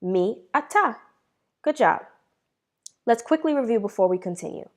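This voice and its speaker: A woman teaching a beginner Hebrew lesson, asking questions, pausing, then answering them herself with praise and slowing down to model each word. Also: on the high side, animated. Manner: slows down to model words.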